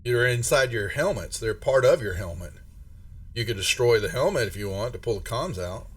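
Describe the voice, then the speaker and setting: A man's voice: mid-range voice, animated, normal speed. A man narrating a tabletop game as game master, rambling with many restarts. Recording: distant mic with faint music.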